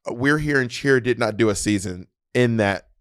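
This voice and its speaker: Teasing mid-pitched man, casual talk. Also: moderate pace, no room sound, clean studio sound. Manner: teasing, laughs through jokes, earnest when talking about goals. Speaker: podcast co-host. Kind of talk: casual chat.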